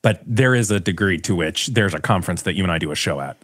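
A man co-hosting a podcast in casual, playful chat, rambling with slow deadpan asides. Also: deep voice, no room sound, studio quality. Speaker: podcast co-host.

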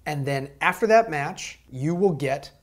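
A man playing a nervous male league commissioner in a comedy sketch, who snaps angrily and then turns shrill and fawning. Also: expressive, a little slow. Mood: nervous eager.

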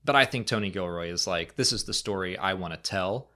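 A man co-hosts a casual fan podcast with a somewhat low voice. He answers listener questions at length and breaks into quick, jokey impressions. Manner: animated, jumps into funny impressions. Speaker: podcast co-host.

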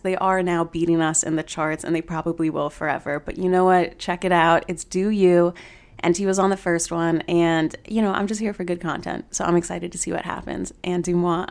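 A woman hosting a podcast, chatty and gossipy, swearing freely as she talks. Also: fairly low pitch. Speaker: podcast host. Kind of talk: casual podcast monologue.

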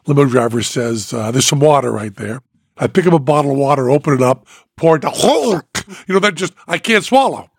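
A man's voice: mid-range voice, animated, a little fast, husky, no room sound, studio quality. An older man with a sore throat, telling a story in casual chat and acting out the other people's lines. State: sore throat after a procedure. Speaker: podcast host.

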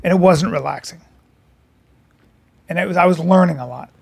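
A man's voice: high-pitched, moderate pace, gravelly, breathy edge. A man co-hosting a podcast, telling rambling, profane, self-mocking stories in casual chat. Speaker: podcast co-host. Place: podcast studio.

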